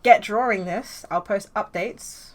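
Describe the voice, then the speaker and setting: A woman's voice: medium pitch, measured pace, slight background noise. A young woman casually talking through her comic plan in a chatty way, with lots of fillers. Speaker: comic creator.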